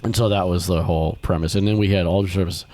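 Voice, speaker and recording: A man with a fairly low voice hosts a relaxed podcast chat. He tells stories in an animated way, jumping far up in pitch whenever he quotes someone. His talk is loose and conversational, with plenty of restarts. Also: quick pace. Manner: animated storyteller, acts out quotes with big pitch jumps. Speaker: podcast host. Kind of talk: casual chat.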